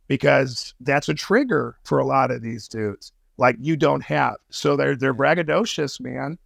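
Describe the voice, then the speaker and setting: A man's voice: mid-range voice, unhurried, creaky, few pauses, a bit bright, dry recording, clean studio sound. A man guesting on a podcast, telling a story in casual talk, swearing freely and using street slang.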